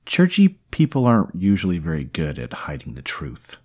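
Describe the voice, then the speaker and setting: A man's voice: deep voice, huge pitch swings, normal speed, darkish tone, breathy edge, exaggerated voice. A man doing a sarcastic young woman. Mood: dry, wry. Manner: dry and sarcastic. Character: sharp, sardonic young woman.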